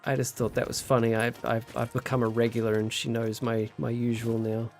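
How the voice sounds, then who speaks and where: A man's voice: mid-range voice, brisk, faint music behind. A young man chatting casually while streaming a game, telling stories and reading chat aloud. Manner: chatty, animated storyteller, reads chat aloud.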